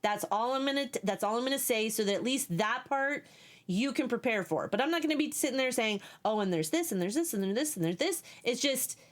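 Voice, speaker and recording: A woman's voice: fairly high pitch, lively intonation, fairly quick. A woman live streaming a video game, chatting casually, swearing at enemies and thanking viewers.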